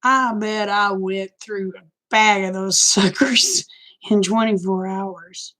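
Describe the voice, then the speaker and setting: A woman's voice: mid-range voice, fairly even intonation, takes it slowly, pushed and bright. An older woman, chatting casually and telling candid, folksy stories to her stream. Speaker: live-stream host. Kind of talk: casual chat storytelling.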